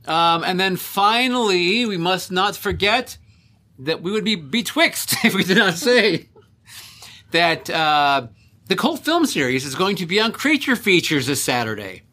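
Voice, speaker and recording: A man's voice: high voice, very animated, unhurried, bright, forceful tone. A man co-hosting a podcast in casual chat, rambling with many restarts and frequent laughs. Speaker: podcast co-host. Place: California.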